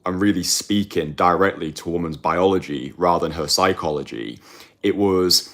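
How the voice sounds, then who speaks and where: A man talking straight to the camera as a dating coach, blunt and emphatic, repeating phrases for effect and clearing his throat now and then. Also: deep voice, normal speed. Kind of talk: direct-to-camera monologue.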